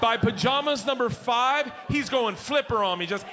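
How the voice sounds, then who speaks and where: A middle-aged man doing a stand-up comedy set on a club stage, telling stories loudly and shouting his punchlines. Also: extremely high pitch, normal speed. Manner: loud, animated storytelling with shouted punchlines. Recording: live club audio with audience noise.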